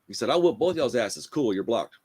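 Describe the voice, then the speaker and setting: A man hosts a loose, casual podcast chat. He tells his stories in a profane, animated way, and he leans on "bro" and "dude" constantly. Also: medium pitch, breathy edge. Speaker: podcast host.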